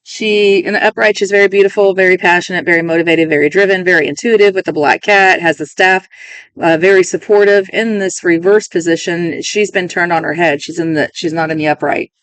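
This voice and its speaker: A woman's voice: fairly low pitch, fairly even intonation, brisk, fairly bright tone, no room sound. A woman reading tarot cards for her viewers, talking in a musing, emotional way and often interrupting herself. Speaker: tarot reader.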